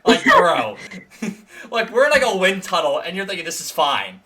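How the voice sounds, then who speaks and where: A man's voice: sits high, normal speed. Laughing young man telling a wild story. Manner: animated storyteller, swears a lot, laughs while telling. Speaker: podcast host. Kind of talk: casual chat.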